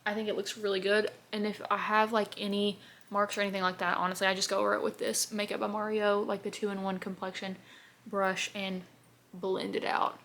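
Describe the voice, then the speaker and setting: Girl in her 20s rambling through a makeup vlog, a bit of vocal fry, faint hiss behind. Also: medium pitch, level tone, brisk, a bit bright. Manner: chatty, bubbly, rambling with fillers. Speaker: beauty vlogger. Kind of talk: casual get-ready-with-me chat.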